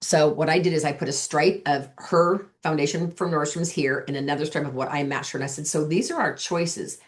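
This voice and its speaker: A woman with a notably deep voice talks through sales coaching in a chatty, storytelling way. She acts out the lines of the conversations she recalls. She sounds middle-aged and at ease. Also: fairly even intonation, a little fast. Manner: chatty, acts out quoted dialogue. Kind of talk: coaching talk with anecdotes.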